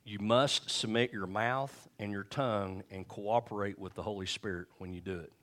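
A middle-aged male pastor preaching a sermon and telling stories, acting out quotes with shifting pitch and volume. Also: fairly even intonation, normal speed, fairly bright tone.

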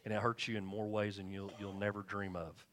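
A man with a fairly low voice preaches a sermon in a relaxed, conversational way. He drifts between scripture reading and stories from his own marriage, chuckling as he goes. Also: brisk. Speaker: pastor. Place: church.

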